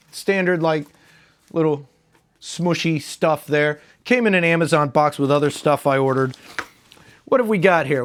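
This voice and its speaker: A man's voice: fairly high pitch, a bit bright. A man with a stuffed-up nose reviewing a new microphone in a loose, rambling vlog, talking through a lapel mic and then the new mic. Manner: rambling, loose, with fillers and mild swearing. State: stuffed up from allergies. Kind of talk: casual unboxing talk. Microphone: lapel mic, then a desk condenser mic.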